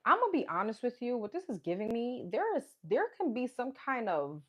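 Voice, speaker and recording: A woman's voice: on the high side, sing-song, fairly quick. A woman giving a casual live tarot reading, chatting and thinking aloud as she names the cards. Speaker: tarot card reader. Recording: clear background noise.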